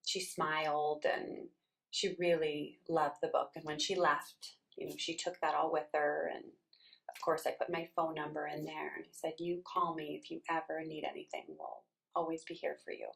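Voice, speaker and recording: A woman's voice: low voice, normal speed, vocal fry. A middle-aged woman who writes children's books, telling personal stories in a casual way and acting out the voices of people she quotes. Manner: animated, acts out quoted voices. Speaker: children's book author. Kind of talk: casual storytelling.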